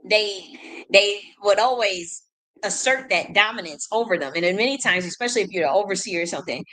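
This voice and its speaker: A woman's voice: medium pitch, lively intonation, brisk, fairly bright tone, poor audio. A woman talks straight to her audience in an unscripted, wandering monologue. She doubles back on her words, repeats herself and breaks into short laughs as she goes. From United States. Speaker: spiritual reader and channel host.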